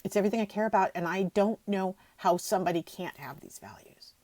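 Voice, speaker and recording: A woman's voice: medium pitch, fast talker, darkish tone, dry recording. A middle-aged woman hosting her own podcast, talking emotionally and rambling, often near tears. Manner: rambling with frequent restarts. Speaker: podcast host. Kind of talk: emotional solo podcast talk.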